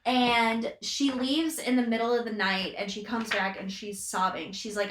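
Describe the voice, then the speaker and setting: Bright, expressive woman co-host, roomy sound. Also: fairly high pitch, normal speed, few pauses, slight background noise. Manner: expressive storyteller, retelling plot with acted quotes. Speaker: podcast co-host. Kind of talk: casual book discussion.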